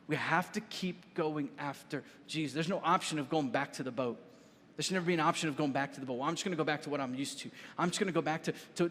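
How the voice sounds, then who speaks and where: A man preaching a sermon as pastor, animated and storytelling, often raising his voice high and loud. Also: slight background noise. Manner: animated, storytelling, raises voice to shout lines. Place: church hall. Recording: reverberant church hall.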